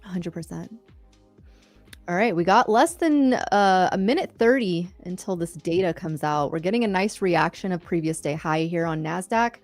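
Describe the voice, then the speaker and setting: A woman co-hosting a live trading stream, upbeat and quick to laugh, calling the market as it moves. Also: on the low side, no room sound, faint music behind. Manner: upbeat, laughs often, cheers on winners. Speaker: co-host of a live trading show. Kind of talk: casual live-stream banter and market commentary.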